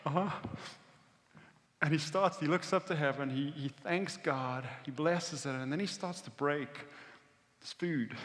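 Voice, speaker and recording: High, bright-voiced preacher in a reverberant hall. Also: male voice. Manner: storytelling, vivid, swings between intense and hushed. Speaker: pastor. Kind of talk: sermon. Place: church auditorium.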